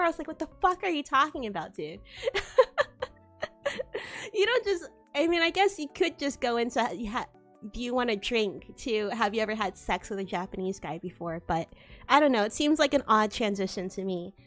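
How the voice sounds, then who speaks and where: A young woman streaming, telling a story in casual chat with lively delivery, frequent laughter and swearing. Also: high voice, a little fast, soft background music. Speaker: VTuber streamer.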